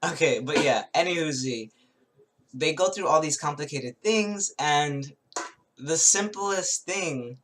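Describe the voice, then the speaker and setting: A man giving a casual spoken tarot reading, rambling and halting, with many restarts and little chuckles as he recounts a show. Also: fairly high pitch, expressive, fairly bright tone. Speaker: tarot reader.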